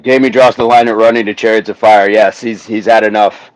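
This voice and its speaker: A man's voice: lowish voice, fairly even intonation, a little fast, dry recording, low-quality recording. An American man hosting a fitness live stream, chatting casually and reading viewer comments, laughing easily. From US South, raised in the Midwest. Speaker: fitness livestream host. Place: California.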